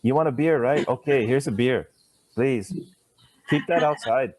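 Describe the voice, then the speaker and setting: A man's voice: mid-range voice, measured pace, a little mellow, lightly acted. A man voicing an exasperated male bartender who mocks a customer, in a mock-pleading manner.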